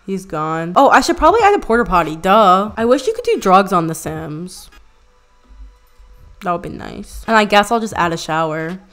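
A young woman YouTuber giving casual gameplay commentary, chatty and excitable, swearing often and mocking herself. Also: mid-range voice.

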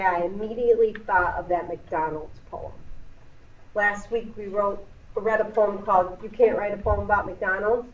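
A woman's voice: medium pitch, recorded from a distance, slight background noise. A woman teaching a middle school English lesson in a classroom, explaining patiently with playful asides. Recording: echoey classroom recorded from afar, dull.

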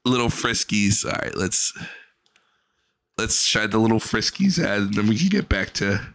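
A man's voice: on the low side, lively intonation, normal speed, gravelly, fairly bright tone. A man giving casual, profane reaction commentary, mocking a clip and laughing often. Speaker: reaction streamer.

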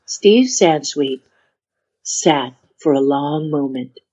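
A woman's voice: low voice, big pitch swings, drawn-out words, dark tone, breathy edge. A woman telling a story as a podcast guest, dramatic and acting out the voices of the people in it. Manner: dramatic, acts out voices and whispers in her anecdotes. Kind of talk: animated storytelling in a podcast interview. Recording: dull lo-fi sound.

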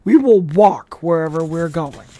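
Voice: medium pitch, animated, measured pace, dark tone, no room sound. An audiobook reader voicing a brash young warrior girl who speaks stiffly and indignantly, in a dry recording.

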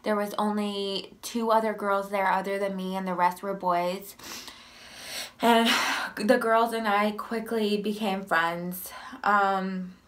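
A young woman speaks straight to her viewers. She has a cold, so she sounds stuffy and a little short of breath. Her voice sighs, climbs and sometimes drops almost to a whisper as she grows emotional. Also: medium pitch. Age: young adult. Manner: emotional, sighing, voice rising and softening. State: sick with a runny nose. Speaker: vlogger telling her life story. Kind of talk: personal storytelling to camera.

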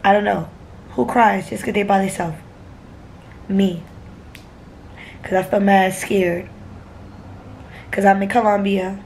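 A woman's voice: medium pitch, steady tone, slow pace, vocal fry, pauses often, a little mellow, slight background noise. A young woman from New York vlogging casually from an airport and a hotel room, blunt and profane, speaking into a phone at arm's length. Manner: blunt and profane, tearful at times. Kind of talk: casual vlog.

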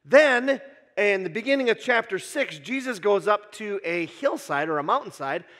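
A man's voice: high voice, expressive, normal speed, fairly bright tone. A man preaching a sermon as pastor, casual and joking, with frequent "uh" fillers. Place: church sanctuary. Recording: long church hall reverb.

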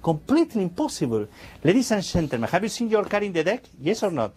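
Lively magician man, playful patter. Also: high voice, quick pace, breathy edge. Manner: playful, chatty, in slightly broken English. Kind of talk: stage magic patter to an audience.

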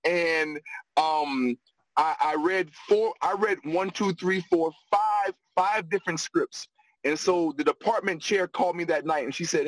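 A man's voice: a little high, measured pace, no echo, poor audio. A middle-aged man telling a personal story with energy, repeating words as he gathers his thoughts. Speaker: guest on a discussion panel.

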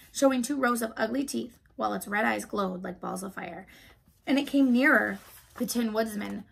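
A woman teacher reading a children's book aloud in a calm, clear storytelling manner. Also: fairly high pitch, rough recording.

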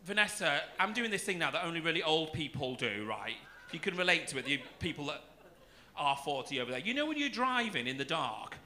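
A man's voice: fairly high pitch, animated, fairly quick, pushed and bright. A man doing a stand-up set, cheeky and camp, teasing the crowd and swearing freely. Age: 40s. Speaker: stand-up comedian. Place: comedy club stage. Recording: noisy club room with audience. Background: audience laughter.

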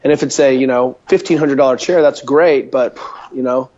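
A man talking as an interview guest over a call, an animated storyteller full of fillers, standing at a home counter. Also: mid-range voice, moderate pace, a little hiss or hum. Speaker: guest, mobility coach. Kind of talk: casual interview by phone call. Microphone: phone or call line. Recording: dull lo-fi call audio.

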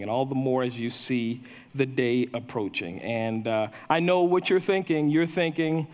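A man's voice: medium pitch, normal speed, in a large hall. A male pastor preaching a sermon, telling stories and repeating words as he builds a point.

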